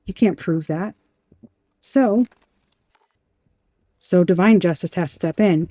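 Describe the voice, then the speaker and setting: A woman giving a tarot reading in an emphatic, animated way, talking straight to the viewer and swearing now and then. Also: fairly low pitch, slow, pauses often, no echo. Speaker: tarot reader.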